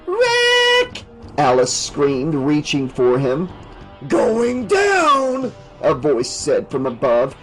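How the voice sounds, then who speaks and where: Man, audiobook narrator, fairly high voice, dramatic horror reading, faint music underneath. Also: a little mellow, low-quality recording. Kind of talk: scripted narration.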